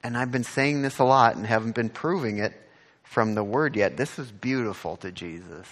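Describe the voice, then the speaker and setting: A pastor preaches a sermon in an earnest voice, repeating his words as he reads from scripture and rising in pitch on questions. He speaks at a moderate pace with a fairly bright tone, and the sound suggests a big room.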